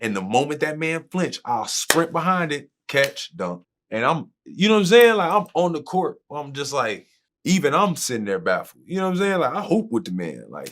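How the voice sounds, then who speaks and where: A man recalling playing with a teammate, talking casually and acting out the calls he heard on court. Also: mid-range voice. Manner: animated, acts out on-court calls. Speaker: former teammate. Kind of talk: casual anecdote.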